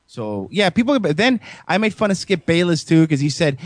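A young man hosting a podcast, his voice sitting a touch higher than most men's. He tells profane, animated stories and acts out the quotes. The recording is close and dry, with no room sound. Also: fairly quick, hardly any pauses, no room sound. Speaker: podcast host. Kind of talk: casual chat.

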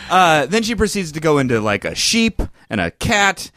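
A man in his thirties telling an animated story in casual chat, acting out quotes from the people in it. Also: on the high side, moderate pace, no room sound.

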